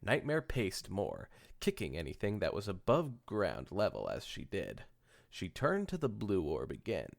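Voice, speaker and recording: A man's voice: deep voice, huge pitch swings, measured pace, gravelly. A man hosting a podcast, reading fan fiction aloud with casual joking asides, stumbling and correcting himself as he goes. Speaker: podcast host.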